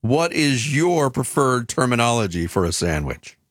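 Guy on sports talk radio, lively chatty delivery, dry sound. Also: mid-range voice, moderate pace, no room sound. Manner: lively, conversational.

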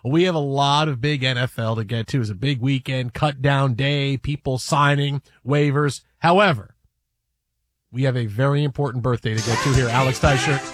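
A man hosting a sports radio show in a studio, talking in casual, animated banter and repeating himself for comic effect. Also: medium pitch, normal speed. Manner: animated, repetitive, mock-dramatic asides. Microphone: studio microphone.

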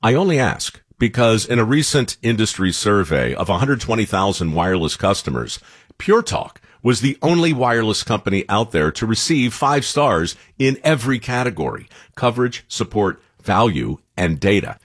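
A man reading a punchy radio sales pitch. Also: very animated, moderate pace, slightly rough, no echo, studio quality. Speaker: ad announcer. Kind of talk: scripted radio ad read.

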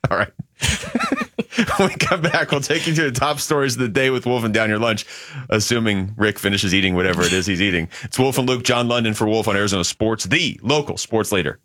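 A man hosting sports radio, joking and teasing in quick casual banter. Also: fairly low pitch, sing-song, sharp tone, dry recording, clean studio sound.

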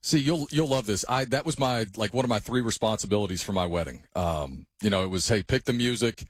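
A man in a casual chat, rattling off his stories at a rapid clip with eager energy. His voice is lowish and husky. The sound is dry and close. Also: no echo. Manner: rapid, enthusiastic storytelling.

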